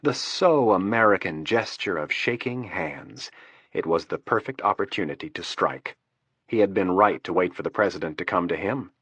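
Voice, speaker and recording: A man narrating an audiobook in a steady, measured way. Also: low voice, breathy edge, no room sound. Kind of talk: scripted narration. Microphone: close studio mic.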